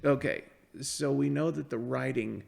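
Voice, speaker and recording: A man with a gravelly, creaky voice at a middle pitch, co-hosting a casual movie review podcast. He chats loosely and laughs often. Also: unhurried. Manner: laughs often, animated impressions. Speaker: podcast co-host.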